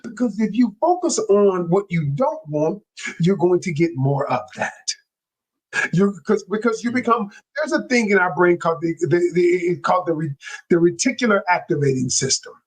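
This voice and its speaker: A man talking as a relationship coach in an interview, animated and excitable, with a casual way of speaking and frequent restarts. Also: high-pitched, moderate pace, breathy edge. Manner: colloquial, with many restarts. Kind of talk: interview guest.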